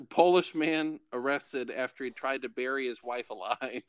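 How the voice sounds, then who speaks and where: A man's voice: mid-range voice, a little slow, crowd noise. A man co-hosting a casual comedy podcast, reading strange news items and laughing between them. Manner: laughs between lines while reading odd headlines.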